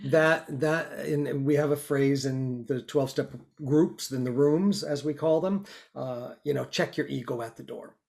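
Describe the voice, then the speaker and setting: Gravelly-voiced man hosting an interview. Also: mid-range voice, unhurried, few pauses, darkish tone. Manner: earnest, reflective, many restarts. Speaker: podcast host. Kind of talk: casual interview chat. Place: New York.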